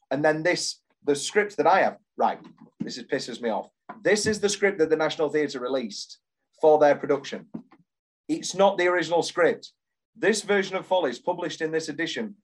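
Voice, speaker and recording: British male podcast co-host, slightly high voice, passionate, swears freely, reads script bits in mock voices. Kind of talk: casual chat.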